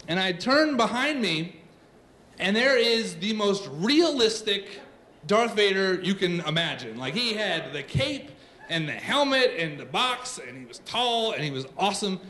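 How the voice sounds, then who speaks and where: A man in his thirties telling a true story on stage, animated, comic and self-mocking. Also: high-pitched, measured pace, slight background noise.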